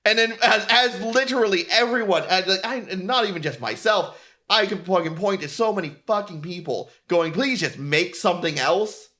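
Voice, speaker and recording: A man's voice: high-pitched, normal speed, pushed and bright. A male streamer ranting in casual commentary while painting miniatures, swearing constantly, laughing often and mocking others in quoted voices. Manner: profane, laughing often, mock-quoting others.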